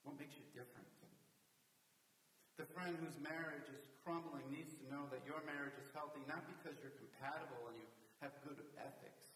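A man's voice: fairly high pitch, steady tone, moderate pace, fairly bright tone, recorded from a distance. A man preaching a sermon, earnest and building to emphatic moments as he retells a story. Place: church hall. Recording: roomy hall from afar with faint hiss.

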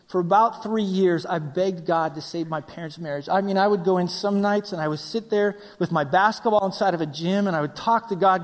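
A middle-aged man preaching a sermon, acting out quoted voices and swinging between loud, urgent passages and hushed near-whispers. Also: sits high, brisk, few pauses. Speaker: pastor. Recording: long reverb of a large hall.

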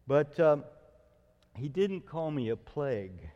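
A middle-aged man preaching a sermon as a pastor, telling stories with lively acted-out quotes. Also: on the high side, slow, long reverb tail, muffled recording. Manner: storytelling, animated retelling with acted quotes.

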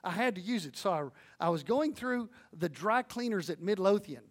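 Guy preaching, high pitched, folksy stories, gets quiet then loud. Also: moderate pace. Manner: earnest and animated, swings between hushed and loud; folksy storytelling with audience asides. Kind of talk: sermon on evangelism.

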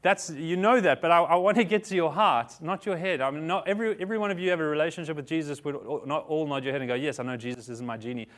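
A pastor with a fairly bright, high-leaning voice preaches fast with few pauses. His sermon is conversational: he keeps putting questions to the congregation and stops to correct himself, repeating words.

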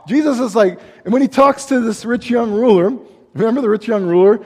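A man preaching a sermon in a rambling, animated way, breaking off into asides and laughing at himself. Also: high-pitched, normal speed, breathy edge. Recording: hall reverb.

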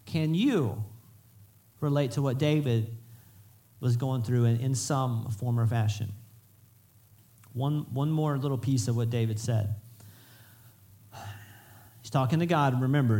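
A man preaching a conversational, animated sermon in a church, often restarting his sentences. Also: mid-range voice, a little slow, pauses often. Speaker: pastor. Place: church sanctuary.

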